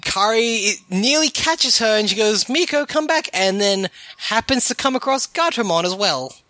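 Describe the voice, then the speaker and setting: A woman chatting casually about a cartoon episode, animated and swearing, often trailing off into fillers. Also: mid-range voice, normal speed, dry recording. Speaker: podcast co-host.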